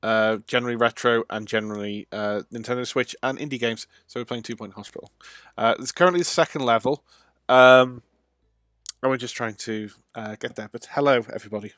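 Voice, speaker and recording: A man talking over a live video game stream, loose and chatty, pausing often with ums and uhs. His voice sits at an ordinary middle pitch. The sound is dry and close, with no room echo. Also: fairly even intonation, a bit bright. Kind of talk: casual let's-play livestream commentary.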